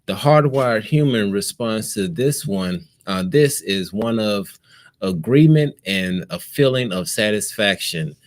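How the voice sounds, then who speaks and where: A man co-hosts a casual talk show and reads passages aloud in a slow, measured way, stopping to comment. His voice sits fairly low, and he takes his time. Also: lively intonation. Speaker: podcast co-host. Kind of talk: casual chat, reading aloud.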